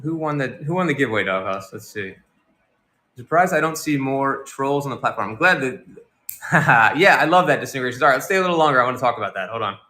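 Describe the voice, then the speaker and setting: A man's voice: mid-range voice, lively intonation, fast, bright, forceful tone. A man hosting a casual livestream, chatting loosely and reading out and answering viewer comments. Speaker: livestream host.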